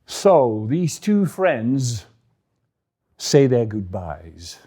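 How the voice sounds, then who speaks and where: A man's voice: mid-range voice, very animated, extremely slow, warm tone, husky. A man casually retelling a scripture story with explanatory asides.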